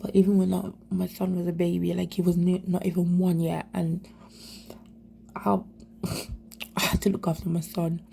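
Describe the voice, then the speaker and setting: A young woman speaks in a low, flat, gravelly voice, sharing her experience of abuse. Her speech halts and repeats, and it often falls to an unvoiced whisper. Faint room ambience sits underneath. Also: a little hiss or hum. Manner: halting, repeats herself, many fillers. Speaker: survivor sharing her story. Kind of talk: emotional personal testimony.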